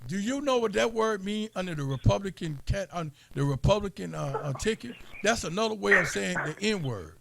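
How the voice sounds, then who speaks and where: Gravelly emphatic man. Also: high voice, animated, fairly quick, hardly any pauses, very noisy. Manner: emphatic, repeats points for listeners. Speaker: political talk show co-host. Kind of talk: casual political commentary.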